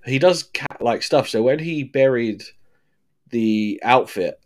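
A man's voice: mid-range voice, lively intonation, slow pace. A man co-hosting a podcast, casually talking through a film, swearing now and then and acting out lines from scenes. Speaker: podcast co-host. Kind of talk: casual film review chat.

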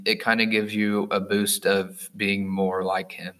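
Teen guy, low voice with a bright edge, earnest and soft-spoken. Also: little pitch movement, a little slow, poor audio. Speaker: podcast host. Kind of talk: casual chat.

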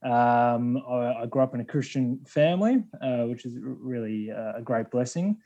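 A man's voice: mid-range voice, lively intonation, moderate pace, warm tone, lo-fi sound. A man in his thirties from Australia with an Australian accent, a podcast guest talking thoughtfully with many fillers and restarts. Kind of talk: casual podcast chat.

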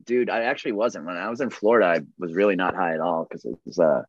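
A man's voice: deep voice, fast, no echo, highs cut off. A man, a comedian and host, telling stories in casual chat, rambling with many fillers.

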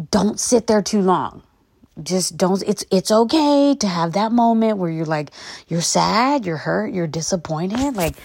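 A woman's voice: mid-range voice, darkish tone, no echo. A woman hosting her own podcast, talking in a blunt, profane, rambling way. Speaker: podcast host. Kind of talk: casual solo podcast monologue.

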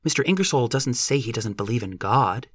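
A man's voice: medium pitch, animated, a little fast, no echo, clean studio sound, natural voice. A man voicing a clever, impish young woman who talks in a provocative, knowing way. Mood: teasing.

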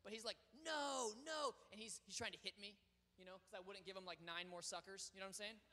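High, bright-voiced male preacher in reverb. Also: little pitch movement, quick pace. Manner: swings between loud proclaiming and quiet storytelling. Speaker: pastor. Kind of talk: sermon. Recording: long reverb of a large hall.

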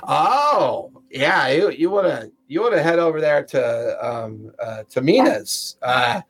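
A man acting as game master, voicing a merchant in a tabletop game with a casual, halting manner. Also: a little high, big pitch swings, a bit bright, husky. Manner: casual, halting, laughs often.

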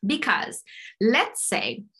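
A woman coach with a fairly high voice teaching a technique on a podcast. She explains with energy and drifts into little acted-out inner voices. She is heard over a video call. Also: wildly swooping pitch, extremely slow, pushed and bright.

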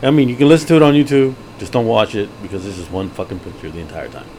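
A man's voice: fairly low pitch, steady tone, very fast, mellow. A man co-hosting a podcast, making dry, teasing comebacks. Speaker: podcast co-host. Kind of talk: casual chat. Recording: faint background hum.

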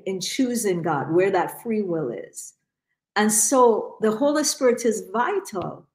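A woman with a slightly high voice shares an earnest reflection in a Bible study. She speaks slowly and emphatically, restarting phrases as she thinks, in an echoey room. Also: darkish tone. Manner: earnest, emphatic, repeats words. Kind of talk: earnest spoken testimony.

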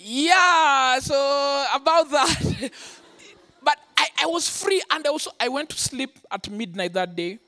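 A man preaching a sermon, telling his own story with lively acted-out quotes. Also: very high-pitched, moderate pace. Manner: animated storytelling, acting out quotes. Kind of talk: sermon testimony.

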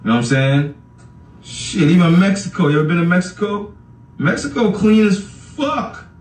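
A man's voice: high-pitched, animated, moderate pace. Profane, roomy-sounding man ranting on a podcast. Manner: loud, profane, laughing, talks straight to listeners. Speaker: podcast host. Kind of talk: casual podcast rant. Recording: echoey room, far from the mic.

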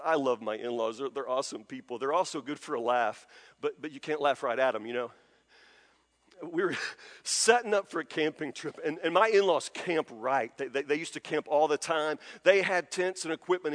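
A man preacher delivering a sermon with dramatic, animated storytelling. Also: sits high, big-room sound. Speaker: pastor.

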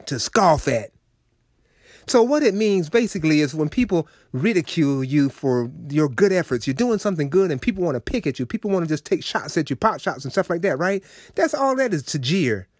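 A man's voice: a little high, big pitch swings, moderate pace, no room sound, studio quality. A man preaching a radio sermon, folksy and preachy, talking straight to his listeners.

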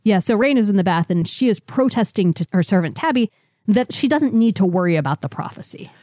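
A woman's voice: mid-range voice, lively intonation, mellow, dry recording, clean studio sound. Sardonic woman recapping comics. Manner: quick, sardonic, storytelling. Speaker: podcast co-host. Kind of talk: casual comic-book chat.

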